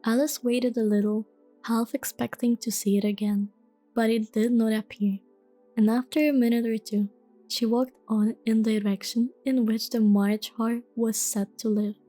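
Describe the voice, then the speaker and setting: A woman reading a storybook aloud in a gentle, soft-spoken ASMR style. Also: on the high side, level tone, normal speed, faint music behind. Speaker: storybook reader.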